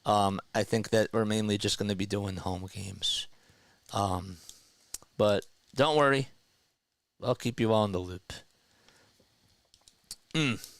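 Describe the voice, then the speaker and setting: A man's voice: lowish voice, slow pace, gravelly, pauses often, dry recording. Casual young man calling baseball live. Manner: chatty, talks to viewers between calls. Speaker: fan play-by-play streamer. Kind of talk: casual live play-by-play commentary.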